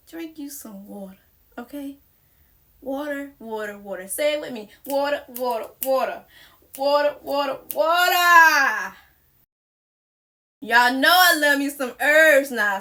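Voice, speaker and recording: A woman's voice: sits high, pushed and bright. A young woman giving chatty, playful wellness advice in a sassy, familiar way, calling the listener girl and sis. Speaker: wellness vlogger. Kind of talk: casual chatty advice vlog.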